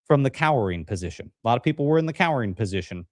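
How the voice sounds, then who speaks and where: A man hosting a live political stream, talking in an energetic, jokey way as he hypes up the guests. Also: mid-range voice, racing, no room sound, clean studio sound. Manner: energetic, jokey, hype-building introductions. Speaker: livestream host. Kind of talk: upbeat live-stream show opening.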